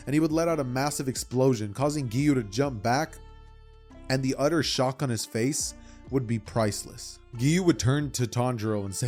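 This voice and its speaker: A young man casually retelling a fan-fiction story for his channel, rambling and animated with side comments. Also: medium pitch, moderate pace, faint music behind. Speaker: YouTuber.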